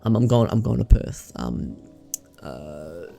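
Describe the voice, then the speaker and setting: A man's voice: low-pitched, sing-song, slow pace, gravelly, warm tone, faint music behind. A young man with an Australian accent chatting casually to camera in a vlog, rambling, slangy and sweary. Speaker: vlogger.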